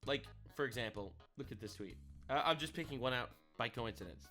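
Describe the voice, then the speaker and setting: A man's voice: mid-range voice, lively intonation, a little fast, sharp tone, soft background music. A man giving casual reaction commentary, sarcastic and indignant, often repeating his phrases. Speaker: online commentator.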